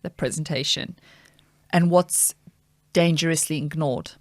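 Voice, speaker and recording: A woman hosting a podcast interview in a casual way, engaged, with quick reactions. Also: sits low, no echo. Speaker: podcast host.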